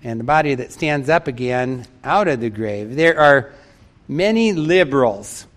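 A man's voice: medium pitch, expressive, unhurried. A man preaching a sermon in an emphatic way, repeating key phrases for stress and reading out a story.

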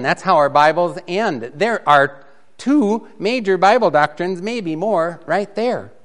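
A man teaching a Bible doctrine class in a relaxed, conversational way, often chuckling. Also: sits high, takes it slowly. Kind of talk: classroom lecture.

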